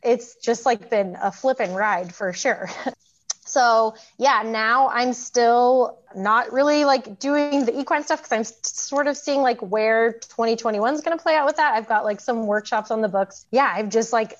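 A woman's voice: fairly high pitch, measured pace, dull audio. A woman in her thirties, a program graduate, telling her story casually with many fillers and frequent laughs. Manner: chatty, lots of fillers, laughs often.

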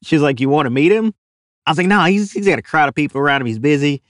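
Fast and lively in intonation, this young man's voice sits on the high side and has a Louisiana drawl. As an interview guest and animal caller, he recounts a story, playing the other people and laughing. The recording is dry and close, with no room sound.

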